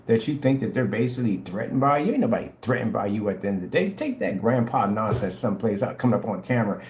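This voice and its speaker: A man's voice: mid-range voice, animated, quick pace, few pauses, a little mellow, roomy sound. A man ranting in a mocking, confrontational way, addressing a rival in a vlog. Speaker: vlogger. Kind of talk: ranting commentary.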